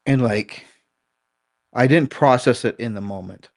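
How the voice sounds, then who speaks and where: A man's voice: medium pitch, unhurried, gravelly, no room sound, clean studio sound. A middle-aged man, a dog trainer and guest, telling a story in a candid, self-critical way and swearing casually.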